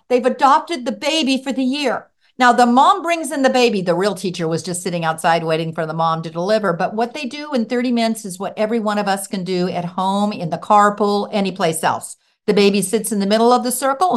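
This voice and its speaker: A middle-aged woman who used to teach, a guest on a podcast interview, telling stories in a lively way and acting out what children said. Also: fairly high pitch, a little fast. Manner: animated storyteller acting out children's voices. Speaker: guest author and former teacher.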